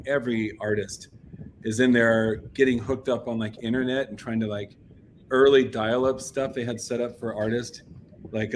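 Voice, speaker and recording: An American man in a band, chatting casually as a guest on a radio interview. He tells his story with lively energy, leans on fillers like "like" and "um", and jumps into the voices of the people he quotes. His voice sits at an ordinary middle pitch, with a faint noisy background. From United States. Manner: animated, acts out quoted voices, filler-heavy.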